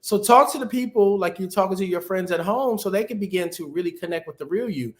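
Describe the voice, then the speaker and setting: A man with a slightly raised voice talks through a video call. He gives career advice in an animated, conversational way. He is a guest in a relaxed webinar interview. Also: sits high, fast talker, hardly any pauses. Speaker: guest, TV executive producer.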